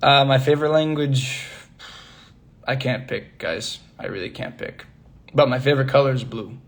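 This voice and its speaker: A man's voice: medium pitch, moderate pace. A young man in his twenties on a phone livestream, chatting casually and answering viewer questions, switching languages and laughing often. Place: indoors, working away from home.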